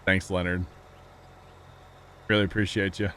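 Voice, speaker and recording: Low-voiced rambling male streamer. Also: level tone, unhurried, bright, forceful tone, slight background noise. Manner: rambling, chatty, talks to chat, laughs often. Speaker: livestream host. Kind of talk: casual chat while gaming.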